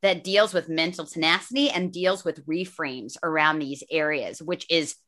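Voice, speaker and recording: A woman's voice: low voice, moderate pace, a bit bright. A woman hosting a podcast interview, blunt and enthusiastic, swearing freely as she chats. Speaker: podcast host. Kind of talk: casual interview chat.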